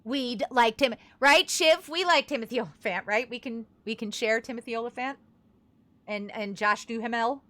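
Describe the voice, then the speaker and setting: A woman's voice: fairly high pitch, moderate pace, sharp tone. A young woman streaming a game, rambling in a chatty, self-deprecating way as she plays. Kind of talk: casual gameplay commentary.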